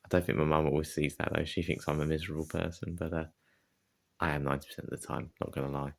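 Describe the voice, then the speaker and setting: A man's voice: very deep voice, little pitch movement, quick pace, creaky, slight background noise. A young man chatting casually to his phone while out running by the sea, with lots of fillers and a self-deprecating manner. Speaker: vlogger. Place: outdoors by the sea. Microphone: handheld phone.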